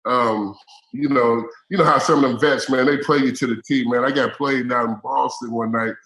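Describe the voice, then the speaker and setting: A man's voice: medium pitch, moderate pace, noisy background. A man from Indiana, a former pro basketball player, telling anecdotes as a guest in a casual interview, laughing often. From Indiana, USA. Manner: laughing, animated anecdote-teller.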